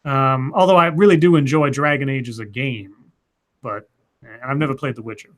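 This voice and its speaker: A man's voice: mid-range voice, a little fast. A man co-hosting a casual livestream chat, reading viewer questions aloud in a joking put-on Southern drawl.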